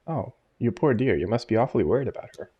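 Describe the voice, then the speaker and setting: A man's voice: mid-range voice, lively intonation, fast, dark tone, breathy edge, muffled recording. A man voicing a fussy, kindly elderly woman neighbor who gossips chattily and sympathetically, reading game dialogue aloud. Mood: gossipy.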